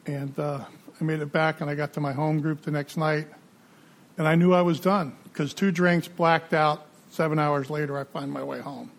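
A middle-aged man speaks as guest at a recovery meeting, spinning his story in a loose, conversational way. His voice sits a little high for a man and has a gravelly edge. He slips into the voices of the people he quotes. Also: fairly even intonation, moderate pace.

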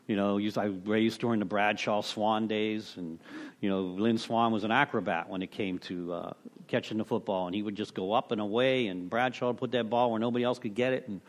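A man's voice: on the low side, steady tone, a little fast. A middle-aged man sharing at a recovery meeting, rambling through a story with many restarts, "you know"s and casual cursing.

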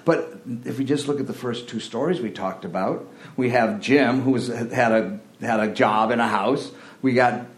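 A man hosting a recovery talk show, speaking earnestly with many halting restarts. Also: mid-range voice, reverberant. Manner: halting, self-correcting, earnest. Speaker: host.

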